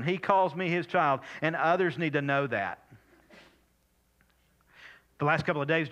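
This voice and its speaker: Older male pastor preaching, bright tone. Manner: preaching, swinging from loud high emphasis to soft hushed asides; repeats words for emphasis and reads scripture aloud. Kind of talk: sermon.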